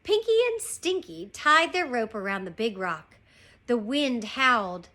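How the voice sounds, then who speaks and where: A woman teacher reads a children's chapter book aloud at an unhurried pace. Her voice is bright and expressive, rising and falling widely to keep young listeners hooked. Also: fairly high pitch. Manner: slow, expressive reading. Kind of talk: storybook read-aloud.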